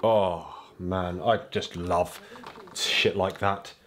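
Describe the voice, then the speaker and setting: Deep-voiced chatty man. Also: fairly even intonation, drawn-out words, noisy background. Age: 40s. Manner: chatty and enthusiastic. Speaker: vlogger. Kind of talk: casual chat. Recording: music playing underneath.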